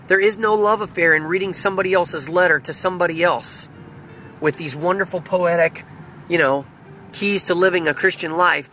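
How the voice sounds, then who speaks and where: A man with a fairly high, gravelly voice talks in an earnest, reflective way, praying and thinking aloud for his video diary. Faint street traffic hums in the background as he speaks from his car. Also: sharp tone, rough recording. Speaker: video diarist. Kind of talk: personal spiritual video diary.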